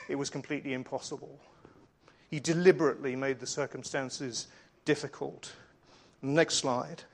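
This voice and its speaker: A middle-aged man preaching a sermon with slides, earnest and conversational as he tells stories. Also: mid-range voice.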